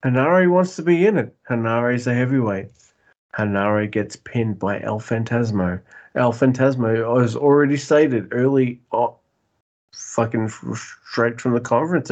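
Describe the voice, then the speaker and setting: A tipsy man co-hosting a casual podcast, swearing freely and laughing often. His voice sits at an ordinary middle pitch, and he talks in excitable bursts. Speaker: podcast co-host. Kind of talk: casual wrestling podcast chat.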